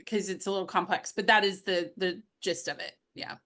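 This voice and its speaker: Bright-voiced woman sales coach telling stories. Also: on the low side, fairly even intonation, brisk. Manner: storytelling, upbeat, laughs while telling anecdotes. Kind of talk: interview answers.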